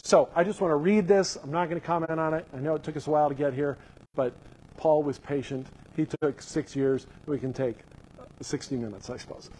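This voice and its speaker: A male pastor giving a sermon, reading scripture aloud and explaining it with animated enthusiasm. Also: a little high, brisk, a little hiss or hum, rough recording.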